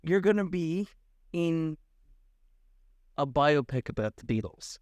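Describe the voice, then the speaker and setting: A young man co-hosting a podcast in casual chat, making quick joking quips. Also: a little high, animated, darkish tone, no room sound. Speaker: podcast co-host.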